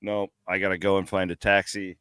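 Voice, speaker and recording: A man with a fairly low, bright, forceful voice tells his travel stories in lively, casual podcast chat. He laughs along with his own tales. The sound is dry and close. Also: brisk, clear, resonant tone, no room sound. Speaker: podcast co-host. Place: airport bar.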